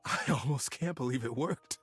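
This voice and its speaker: A man's voice: medium pitch, moderate pace, husky, faint music behind, natural voice. An actor in a storybook game voicing a stern, unsmiling male beaver leader who talks in a clipped, commanding way.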